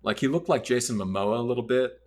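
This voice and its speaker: A man's voice: mid-range voice, quick pace, a little mellow. A man casually telling a long personal story on a podcast, loose and rambling with plenty of fillers. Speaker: podcast guest.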